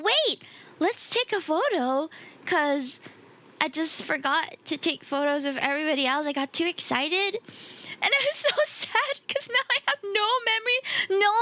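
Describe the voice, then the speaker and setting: Giggly young streamer girl, super high voice, bright and sharp, chatting w her viewers. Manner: giggly and animated, talks to chat. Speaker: VTuber streamer. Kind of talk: casual livestream chat.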